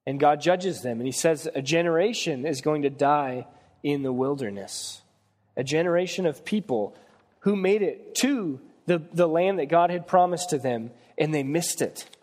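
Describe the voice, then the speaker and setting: A man's voice: a little high, animated, moderate pace, a little mellow, big-room sound. A man preaching a sermon, reading scripture and retelling Bible stories in plain conversational words.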